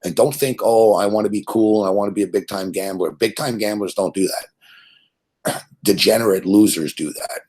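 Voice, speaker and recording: Blunt, husky-voiced man ranting. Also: on the low side, moderate pace, darkish tone. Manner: blunt, profane, rambling with repetitions. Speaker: sports betting show host. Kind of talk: profane ranting monologue.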